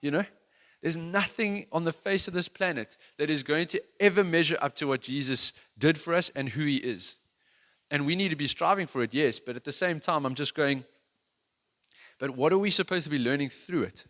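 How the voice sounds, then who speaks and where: A worship leader gives a sermon in an earnest, conversational, self-deprecating manner, restarting his sentences often. His voice is on the high side and fairly bright, at a moderate pace.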